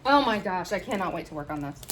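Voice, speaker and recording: A woman vlogger chatting casually to her viewers in a gushing, excitable way, often gasping. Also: lowish voice, quick pace, a little hiss or hum. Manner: gushing and excitable, with frequent gasps. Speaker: crafting vlogger. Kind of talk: casual vlog chat.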